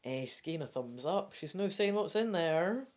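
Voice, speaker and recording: A woman with a Scottish accent reading a gamebook aloud, breaking off into chatty, quick asides. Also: on the low side, expressive, a little mellow. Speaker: gamebook reader. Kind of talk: casual read-through with chatty asides.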